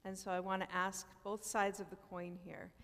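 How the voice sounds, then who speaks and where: A woman of mid pitch moderates a panel discussion in a conversational, reflective tone. Her questions ring out with a long reverb from the church hall around her. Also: little pitch movement, moderate pace, fairly bright tone.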